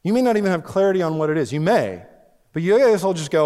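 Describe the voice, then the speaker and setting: A man preaching a sermon as pastor, swinging between loud emphatic lines and hushed ones. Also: high-pitched, very animated, fast. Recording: long reverb of a large hall.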